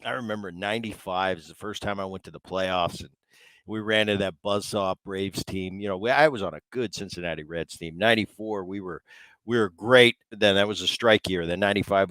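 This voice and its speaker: Middle-aged male podcast host, low and relaxed, dry close sound. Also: fairly quick, no room sound, rough recording. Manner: relaxed, chatty, trailing restarts. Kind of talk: casual interview chat.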